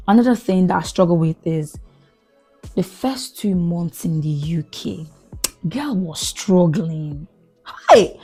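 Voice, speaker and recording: A young Nigerian woman hosting a podcast, chatting casually with lively exclamations and frequent laughs. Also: medium pitch. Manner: animated, exclamatory, laughs often. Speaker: podcast host. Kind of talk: casual storytelling chat.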